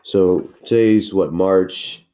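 A man's voice: low-pitched, takes it slowly, mellow. A young man co-hosting a podcast, talking casually with friends in a laid-back way, laughing often and swearing freely. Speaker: podcast co-host. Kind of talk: casual chat among friends. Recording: echoey room.

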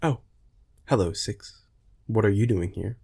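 A man reading the lines of a gentle, caring mother living on a starship, in a soft-spoken voice. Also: on the low side, measured pace, gravelly, husky, exaggerated voice.

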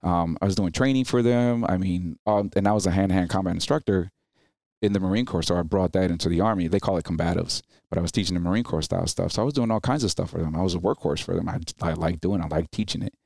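Deep-voiced man telling service stories. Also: fast, creaky, dry recording, studio quality. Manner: animated, acts out quoted people in raised voices. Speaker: podcast guest, Marine veteran. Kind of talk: casual interview storytelling.

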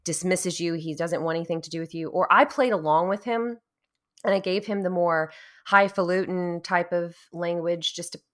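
A woman from Louisiana, co-hosting a casual chat about a video game, telling stories in an animated way and laughing often. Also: on the low side, moderate pace. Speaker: podcast co-host.

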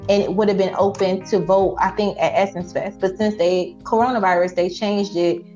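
A woman entrepreneur telling her story in a casual, animated way, acting out her own past lines. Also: mid-range voice, moderate pace, highs cut off, faint music behind. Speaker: entrepreneur guest.

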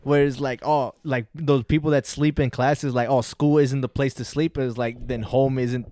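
A man's voice: medium pitch, fairly even intonation, moderate pace, mellow, slight background noise. A young man co-hosting a podcast in casual chat, laid-back and swearing freely, acting out people's lines as he talks. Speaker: podcast co-host.

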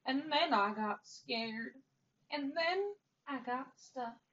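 A timid winged storybook monster with a small, soft voice that speaks slowly and shyly, as a woman reads it out. It is heard from afar on a dull, lo-fi recording with faint hiss. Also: sits high, echoey room, distant mic, pitched above the performer's own voice. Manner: slow, quiet, timid.

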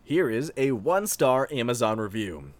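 A man co-hosting a casual podcast, relaxed and dry as he reads out reviews. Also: medium pitch, normal speed. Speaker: podcast co-host. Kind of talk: casual chat, reading reviews aloud.

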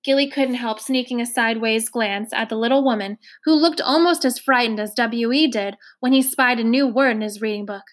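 A woman reading a novel chapter aloud, in an even, clear storytelling manner. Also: fairly high pitch, brisk, hardly any pauses. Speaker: story reader.

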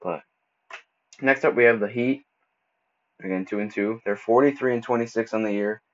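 A man with a fairly low voice hosts a solo podcast in a loose, casual way. He stumbles and backtracks over his words and drops in relaxed slang. The recording sounds dull and lo-fi. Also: moderate pace. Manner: casual, stumbles and restarts often; laid-back slang like bro and dude. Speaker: podcast host.

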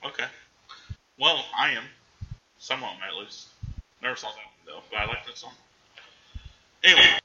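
A man casually recapping a movie in animated chat, jumping into the characters' voices now and then. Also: medium pitch, lo-fi sound. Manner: animated, acts out characters in quick bursts.

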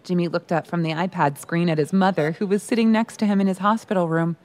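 A woman's voice: on the low side, steady tone, quick pace, a little mellow. Woman narrating an audio drama.

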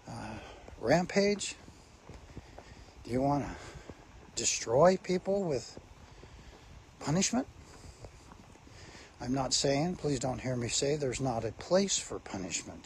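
A man's voice: medium pitch, slight background noise. A man preaching a sermon, speaking emphatically and asking his listeners rhetorical questions.

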